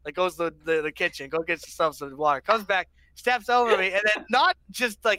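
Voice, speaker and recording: High, bright young man telling tales. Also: animated, a little fast, no room sound. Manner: rambling storyteller, mock-dramatic, acts out quotes. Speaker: podcast co-host. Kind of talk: casual chat.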